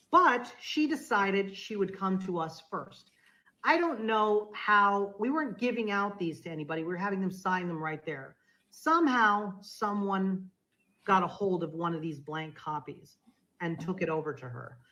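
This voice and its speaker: A woman's voice: medium pitch, low-quality recording. A woman guest on a podcast telling a story in a conversational way, acting out the lines of the people in it. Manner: animated, acts out quoted dialogue.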